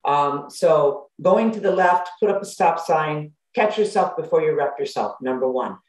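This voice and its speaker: A woman gives a motivational self-help talk as a life coach, animated and conversational, laughing often and slipping into worried inner thoughts. Her voice comes through a computer microphone. The room around her gives the sound a noticeable echo. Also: low-pitched, normal speed. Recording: roomy echo.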